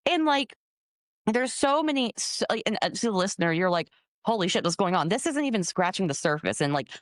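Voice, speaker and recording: A young adult woman co-hosting a podcast, telling a workplace story in casual chat, animated and swearing freely. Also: mid-range voice, brisk, no room sound. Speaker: podcast co-host.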